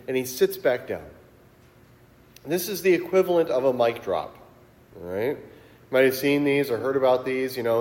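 A man's voice: fairly high pitch, a little mellow, big-room sound. A man preaching a sermon as pastor, in a conversational storytelling way that builds to emphatic peaks. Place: church sanctuary.

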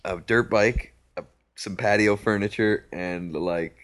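A man's voice: on the low side, measured pace, fairly bright tone. A man co-hosting a podcast, telling funny stories in casual chat and laughing at his own jokes. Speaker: podcast co-host.

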